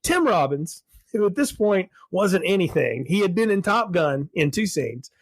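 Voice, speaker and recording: A man's voice: high-pitched, moderate pace, no room sound. A man, co-hosting a casual podcast chat and telling things animatedly with frequent laughs. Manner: animated storyteller, laughs often. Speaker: podcast co-host.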